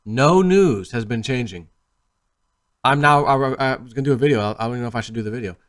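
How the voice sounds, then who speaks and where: Rambling, animated man vlogging. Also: medium pitch, fast. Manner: rambling, animated storytelling with acted-out quotes. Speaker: crypto video host. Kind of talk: casual to-camera vlog talk.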